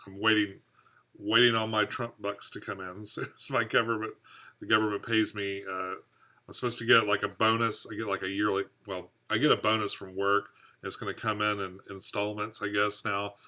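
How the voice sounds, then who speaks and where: A man's voice: on the low side, flat delivery, moderate pace, bright, forceful tone. A man from the United States hosting a casual live stream about his aquarium hobby. He rambles and chats while answering viewer comments. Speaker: aquarium hobby channel host.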